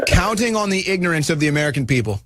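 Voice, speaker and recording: A man's voice: a little high, big pitch swings, racing, fairly bright tone, dry recording, clean studio sound. A man hosting a talk radio show, giving fired-up, indignant commentary.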